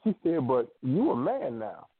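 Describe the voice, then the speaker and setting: Over dry, tinny phone-line audio with a noisy background, this male radio co-host speaks in a mid-range voice, a touch slowly. It's a relaxed storytelling conversation, and he brings it to life by performing lines his family said.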